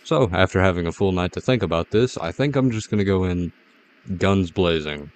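A man's voice: low-pitched, lively intonation, a little fast. A man giving rambling, jittery, self-mocking commentary as a gaming YouTuber playing a horror game.

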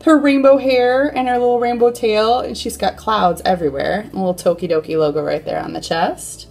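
A woman's voice: mid-range voice, steady tone, brisk, vocal fry, a little mellow, faint music behind. A woman hosting a toy unboxing, chatting casually in a playful way and tossing in silly sound effects.

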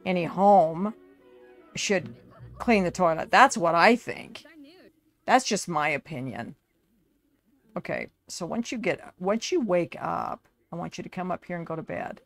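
A woman's voice: lowish voice, animated, normal speed, soft background music. A woman giving casual, chatty commentary over her life-sim game, talking to her characters like a fussing parent. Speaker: gaming video creator.

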